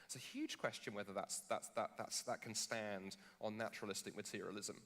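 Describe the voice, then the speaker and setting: A man, a Christian philosopher, debating in front of a live audience; jet lagged, he tells jokey, animated stories full of restarts. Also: on the low side, a little fast. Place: large conference hall on stage. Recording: long hall reverb.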